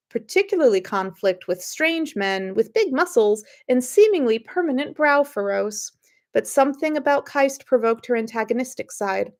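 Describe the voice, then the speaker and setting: A sniffly woman, the author of the story, reading her own work aloud. Her voice sits fairly high, and she chats through the setup with plenty of fillers and restarts. She is clearly not a trained narrator. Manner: chatty, with many fillers and restarts. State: slightly sniffly. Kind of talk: casual story introduction and reading.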